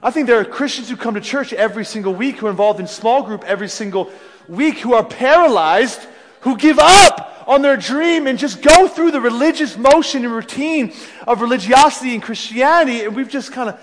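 A young adult man from Philadelphia, preaching a sermon as a pastor and telling stories with animated voices. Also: extremely high pitch, a little fast. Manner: storytelling, animated, acts out voices, self-deprecating laughs. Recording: long hall reverb.

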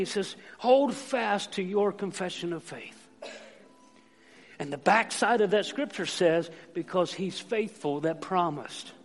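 A male pastor preaching a sermon to his congregation with passion, repeating lines and calling on everyone to say them with him. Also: sits high. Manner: impassioned, repetitive calls for the congregation to join in. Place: church sanctuary. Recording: long church reverb with faint music.

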